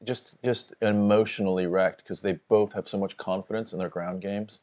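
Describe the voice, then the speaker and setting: Lower-voiced guy cohosting a fight stream, laughs a lot, reads chat out loud. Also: fairly even intonation, normal speed, lo-fi sound. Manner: laughs often, reads chat comments aloud. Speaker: co-host of a fight watch-along. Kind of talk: casual livestream commentary.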